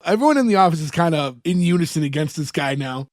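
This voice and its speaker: High-voiced man animating a recap. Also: quick pace, dry recording, clean studio sound. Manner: animated retelling, acts out characters' lines. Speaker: podcast host recapping an episode. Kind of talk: casual chat.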